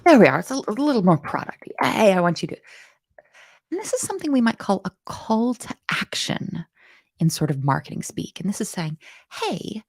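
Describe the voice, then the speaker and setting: A woman's voice: medium pitch, big pitch swings, moderate pace, husky, no echo. A woman teaching a live-streamed coding lesson, chatty and playful, thinking aloud and answering chat comments. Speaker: coding bootcamp instructor.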